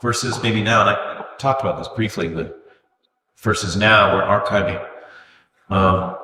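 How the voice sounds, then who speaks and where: A man's voice: on the low side, fairly even intonation, measured pace, bright, forceful tone. A man interviewing a guest on stage, posing long, thoughtful questions with hesitant restarts. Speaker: interviewer, host. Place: gallery event room with an audience. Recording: echoey hall, distant mic, background noise.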